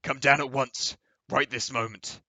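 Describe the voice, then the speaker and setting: A man's voice: on the low side, a little fast, pushed and bright, dry recording. A man playing a pompous, indignant middle-aged father who scolds and rants.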